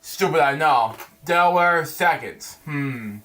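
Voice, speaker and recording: Halting male comic reviewer reading panels aloud, fairly high pitch, slow delivery with restarts. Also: sharp tone. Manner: halting, stumbling over words and restarting.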